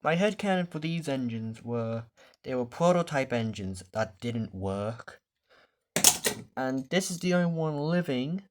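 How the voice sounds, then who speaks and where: A man's voice: medium pitch, lively intonation, unhurried, darkish tone. A man casually showing his toy collection in a vlog, rambling off the cuff and swearing when the camera loses focus. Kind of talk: casual show-and-tell vlog.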